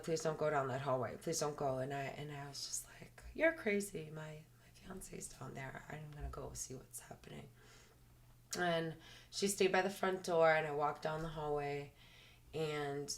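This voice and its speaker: A woman's voice: deep voice, sharp tone. A woman, a podcast guest, earnestly retelling a personal experience in detail, often saying "like" as she talks. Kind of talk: personal storytelling in a podcast interview.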